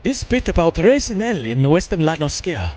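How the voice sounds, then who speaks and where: A man reading out a blunt, swearing male game quest-giver in a put-on English accent, rough and clipped. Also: on the high side, big pitch swings, moderate pace, darkish tone, slight background noise. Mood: gruff.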